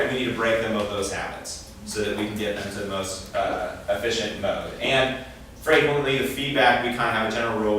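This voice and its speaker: A man's voice: on the low side, fairly bright tone. A man giving an informal talk to parents at a training session, conversational and often acting out quoted dialogue. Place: meeting room. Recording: echoey room, speaker far from mic, faint noise.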